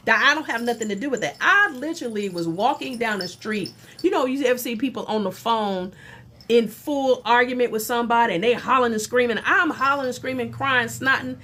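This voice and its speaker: A middle-aged woman, a spiritual teacher, telling a personal story on a livestream in an animated, folksy, exclamatory way. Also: a little high, fairly quick.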